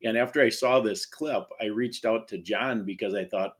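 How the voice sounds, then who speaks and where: A man's voice: fairly low pitch, moderate pace, fairly bright tone, slightly rough. A man hosting a talk show, speaking earnestly and encouragingly to his guest. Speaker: host.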